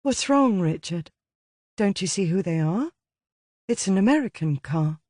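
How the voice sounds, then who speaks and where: A man voicing a tired, shaken young woman who speaks low and haltingly in an audiobook. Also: animated, darkish tone, no room sound, clean studio sound. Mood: weary.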